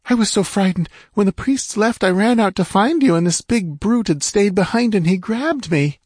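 A man's voice: high-pitched, expressive, moderate pace, no room sound, clean studio sound, pitched above the performer's own voice. A man voicing a terrified young female dancer who pleads and stammers hysterically, in an audiobook. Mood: frightened.

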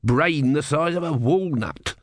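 A man's voice: on the high side, animated, unhurried, no room sound, clean studio sound, pitched above the performer's own voice. A man voicing a resigned, grumbling old male tortoise god who mutters sardonic remarks in a dull voice. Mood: scornful.

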